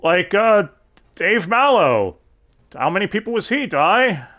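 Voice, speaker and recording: A man hosting a casual livestream chat, animated, swearing freely and laughing often. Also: high-pitched, measured pace. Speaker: podcast host.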